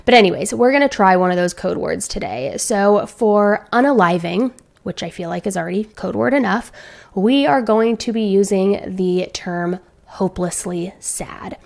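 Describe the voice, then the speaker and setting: A woman's voice: medium pitch, normal speed, gravelly, a little mellow. A woman hosting a true-crime video, narrating a case in a chatty, conversational way.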